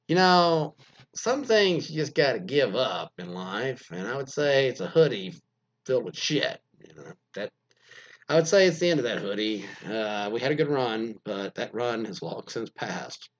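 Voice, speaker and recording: A man with a mid-range voice hosts a podcast where he reads listener stories, and the audio sounds dull. His chat is crude, jokey, and meandering, full of fillers.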